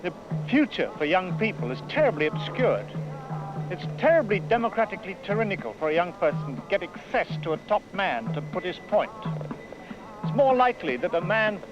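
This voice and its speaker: A man's voice: high-pitched, very animated, brisk. A man, a writer, answering interview questions with dry, self-mocking humour. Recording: lo-fi with music behind.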